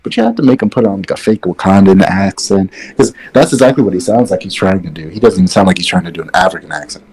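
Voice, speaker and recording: Man, lowish voice, casual podcast co-host, relaxed, opinionated, mic a bit far off. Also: fast talker, few pauses. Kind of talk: casual wrestling talk. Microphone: sitting far from his mic.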